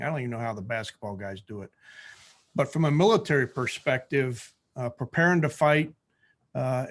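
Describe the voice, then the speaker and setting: A man, an author, answering a question on a video podcast over a video call, in a measured way with uh fillers. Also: medium pitch. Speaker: author and guest.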